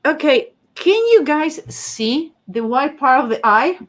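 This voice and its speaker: A woman's voice: high-pitched, very animated, slow pace. A woman with a strong non-native accent, hosting a casual live stream and chatting through viewer comments. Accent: non-native English. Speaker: host and face-reading teacher.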